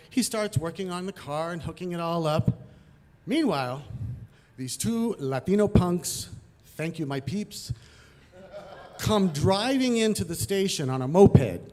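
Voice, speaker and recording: An animated man from Los Angeles telling a true story to an audience. His voice sits a little high and swings up sharply at the dramatic beats. He acts out each moment as he goes. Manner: animated, vivid, acts out scenes. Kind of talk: personal storytelling performance.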